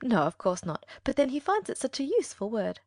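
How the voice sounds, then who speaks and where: A woman playing a bubbly, excited young girl. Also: on the high side, fairly quick, no echo, clean studio sound. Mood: cheerful. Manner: bubbly, eager. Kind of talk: full-cast audiobook reading.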